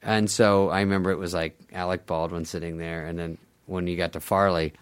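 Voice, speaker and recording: A man telling stories in a radio interview, animated and laughing often as he acts out other people, swearing casually. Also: sits low, a little fast, smooth. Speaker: guest comedian.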